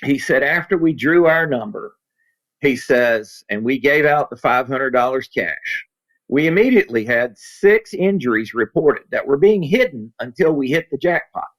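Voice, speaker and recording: Male consultant, folksy and animated, spins anecdotes in conversation. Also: medium pitch, moderate pace, poor audio. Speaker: safety consultant and author. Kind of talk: storytelling in a podcast interview.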